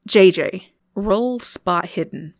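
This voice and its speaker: A woman narrating a tabletop game as game master, casual with many fillers and slowing on details. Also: mid-range voice, dry recording, clean studio sound.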